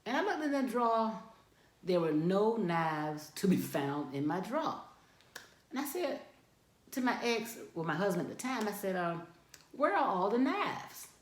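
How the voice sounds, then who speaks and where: A middle-aged woman, a divorce coach, telling a personal story in an animated way and laughing often as she speaks. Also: medium pitch, normal speed. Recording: echoey room.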